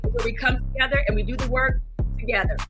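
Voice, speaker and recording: A woman hosting a livestream talk show, loud and energetic, with a sing-song, preacherly way of talking. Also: fairly high pitch, fast. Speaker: host. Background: hip hop music.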